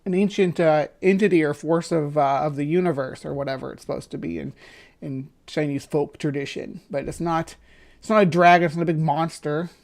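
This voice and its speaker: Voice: mid-range voice, fairly even intonation, a little fast, creaky, darkish tone. A livestream host giving casual, rambling commentary on a video, stopping to correct and qualify points.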